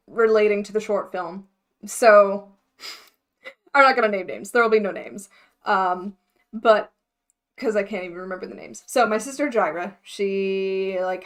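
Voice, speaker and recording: Young woman, chatty, scattered, laughs a lot, talks to her chat, mid pitch. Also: a bit bright. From United States. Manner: chatty, scattered, laughs often, thinking aloud. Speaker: mermaid vlogger livestreaming. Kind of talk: casual livestream chat.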